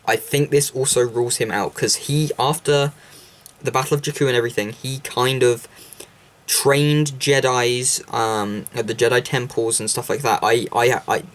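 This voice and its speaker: Rambling young man musing aloud. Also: mid-range voice. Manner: rambling with many ums and restarts. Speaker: video creator discussing film theories. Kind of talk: casual unscripted monologue.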